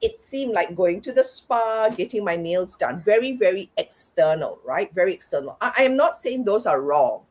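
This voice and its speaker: A woman's voice: medium pitch, lively intonation, moderate pace, few pauses, darkish tone. A middle-aged woman, a parenting and life coach, talking candidly and reflectively as an interview guest. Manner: reflective, talks herself through things aloud.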